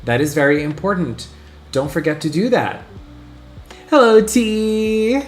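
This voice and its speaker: Man, slightly high voice, excitable, chatty, live-stream host, echoey room. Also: normal speed, soft background music. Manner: excitable, chatty, greets chat by name. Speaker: livestream host. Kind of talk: casual live-stream chat with viewers. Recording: roomy echo.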